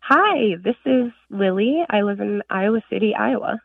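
A woman from northern Illinois calls in to a radio show and eagerly tells her story in an animated way. Her voice comes through a tinny phone line and sounds distant from the mic, with a dry sound. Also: mid-range voice, normal speed, gravelly, no room sound. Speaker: caller.

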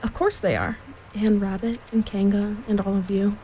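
A woman's voice: medium pitch, steady tone, moderate pace, mellow, slight background noise, close to an everyday voice, low-quality recording. A woman voicing a young boy in a storybook reading, confident and explaining.

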